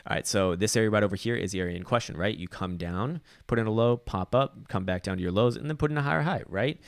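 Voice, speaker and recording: A man with a deep, low voice talks through market charts at a brisk clip. He rambles, swears casually and stumbles over restarts and fillers. The sound is dry and close, with no room around it. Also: vocal fry, smooth, dry recording. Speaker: crypto chart analyst. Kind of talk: casual market analysis commentary.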